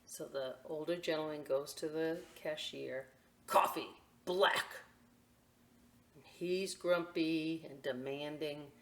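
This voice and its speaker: A middle-aged woman reading a picture book aloud for a library storytime, animated and chatty with frequent asides to her young listeners. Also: low voice, a little slow, few pauses.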